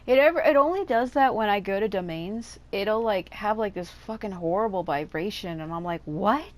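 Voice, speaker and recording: A woman with a raspy voice chatting casually and swearing often while commenting on her gameplay, rambling off into asides. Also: medium pitch, lively intonation, moderate pace. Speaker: gaming YouTuber. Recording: game music behind the voice.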